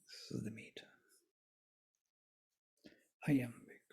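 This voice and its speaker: A study group teacher reading verses aloud and explaining them word by word, with soft, thoughtful asides and small self-corrections. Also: takes it slowly. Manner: recites verses, then glosses them word by word. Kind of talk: slow explanatory reading and commentary on scripture.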